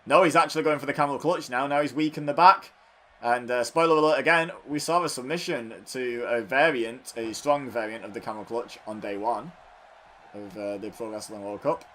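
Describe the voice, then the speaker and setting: Calling the action in a wrestling video game, a gaming channel host jokes his way through casual, self-deprecating commentary. His medium-pitched voice is a bit bright and a little fast, and he chats between play-by-play calls.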